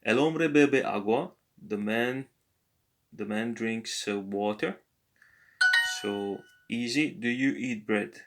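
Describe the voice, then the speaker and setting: A man tutoring a language lesson, talking slowly and hesitantly with many filler pauses. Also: fairly low pitch, crowd noise. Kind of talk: screen-recorded app language lesson.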